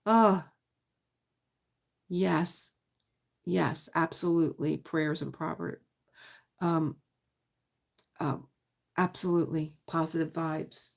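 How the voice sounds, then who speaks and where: A woman's voice: fairly low pitch, creaky, darkish tone. A middle-aged woman hosting a casual diamond painting livestream, chatty and rambling, often trailing off to search for words. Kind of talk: casual live-stream chat.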